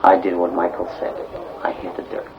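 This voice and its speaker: A man's voice: low voice, completely flat delivery, brisk, background noise. A man giving terse answers in an archived police interview. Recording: dull lo-fi archive tape.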